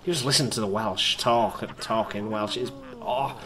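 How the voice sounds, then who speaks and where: A man casually commentating on his own gameplay, excitable and rambling, chatting to his viewers as a let's play host. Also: on the low side, moderate pace. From Britain.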